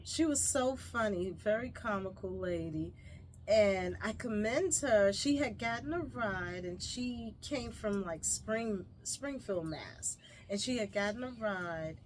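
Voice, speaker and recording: A woman vlogger chatting through a casual story, animated and full of fillers. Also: mid-range voice, a little hiss or hum.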